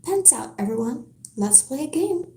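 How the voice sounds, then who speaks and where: A woman's voice: high-pitched, very animated, moderate pace, mellow, reverberant. A woman whispering a sneering male teacher. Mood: mocking. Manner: sneering, sing-song taunts. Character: mocking cruel male math teacher. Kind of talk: whispered book reading.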